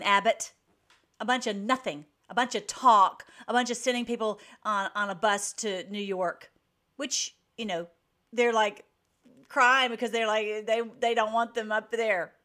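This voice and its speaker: A woman hosting an online show, giving emphatic, rapid-fire political commentary between video clips. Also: on the high side, steady tone, fairly bright tone.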